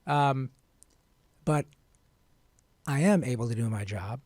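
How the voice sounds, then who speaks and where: Man, interview guest, frank storyteller, mid-pitched voice, dry close sound. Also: takes it slowly, no room sound. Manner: earnest, animated, frank. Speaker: guest voice actor.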